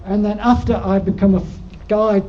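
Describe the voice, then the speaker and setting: A man's voice: high-pitched, little pitch movement, moderate pace, warm tone. Older Yorkshire man telling climbing stories. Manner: rambling, dryly humorous, frequent ums. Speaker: guest speaker at alpine club. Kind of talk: anecdotal slide-show talk. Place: lecture room. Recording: dull lo-fi recording with faint noise.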